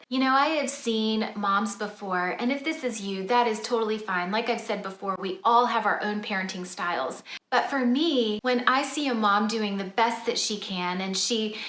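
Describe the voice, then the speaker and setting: Earnest mom in an echoey kitchen. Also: female voice, mid-range voice, a bit bright. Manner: earnest and measured, explaining her parenting rules. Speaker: mother and family vlogger. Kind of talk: casual chat to camera. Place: home kitchen table.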